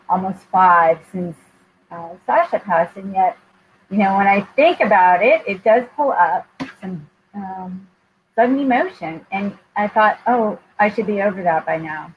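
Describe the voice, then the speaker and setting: A woman's voice: medium pitch, measured pace. Heartfelt woman hosting over a lo-fi line. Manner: candid and heartfelt, with frequent ums. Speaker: host. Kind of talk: live interview chat. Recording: dull lo-fi sound with faint noise.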